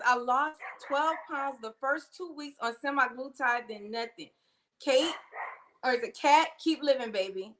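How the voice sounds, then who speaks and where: A middle-aged woman, hosting a casual livestream and warmly greeting viewers by name. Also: high-pitched. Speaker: livestream host.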